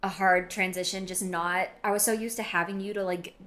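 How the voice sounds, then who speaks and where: A woman's voice: mid-range voice, brisk. Rambling young woman, chatty podcast guest. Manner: animated, rambling, fills with "like". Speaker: podcast guest, host's best friend. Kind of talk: casual chat. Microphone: podcast mic.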